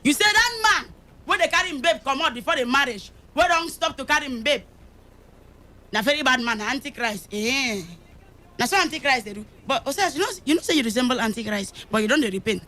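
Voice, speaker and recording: A woman's voice: sits high, lively intonation, brisk, bright, forceful tone. A Nigerian woman hosting a radio show, teasing her guest in playful Pidgin banter and reading out listener messages. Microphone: studio microphone.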